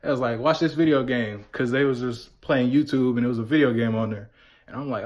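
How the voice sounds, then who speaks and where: A man's voice: mid-range voice, fast. A young man vlogging, telling a story in a casual, slangy way and acting out the voices of friends. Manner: animated, slangy retelling with quoted voices.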